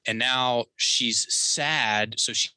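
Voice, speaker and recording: A man telling a personal story as a podcast guest, animated and acting out the quotes in his story. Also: mid-range voice, very slow, clear, resonant tone, no room sound. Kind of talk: storytelling in a conversational interview.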